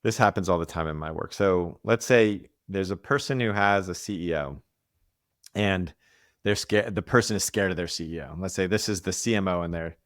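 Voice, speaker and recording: A man's voice: low-pitched, normal speed, no room sound, studio quality. A man, an executive coach, explaining ideas in a podcast interview, often restarting sentences and acting out quoted voices.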